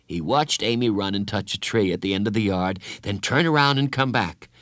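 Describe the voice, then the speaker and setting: A man reading a children's story aloud with expressive, animated storytelling. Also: on the low side, normal speed, no room sound, clean studio sound. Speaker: narrator.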